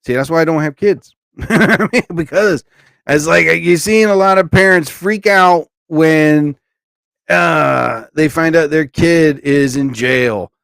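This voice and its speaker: A man's voice: fairly high pitch, slow, vocal fry, a bit bright, smooth, no echo. A man in his forties hosting a live stream, ranting in a blunt, emphatic way and stopping to greet viewers in the chat.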